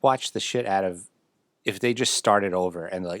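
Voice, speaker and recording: Low-voiced dry, grumbling male host. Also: normal speed, a bit bright, dry recording. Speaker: podcast host. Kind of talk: casual podcast banter.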